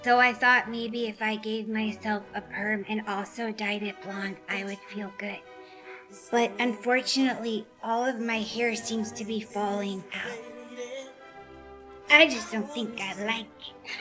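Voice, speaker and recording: A woman's voice: on the high side, steady tone, unhurried, music in the background, close to an everyday voice, low-quality recording. A woman playing a young band singer and salon client, heartbroken and subdued. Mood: glum. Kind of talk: comedy sketch acting.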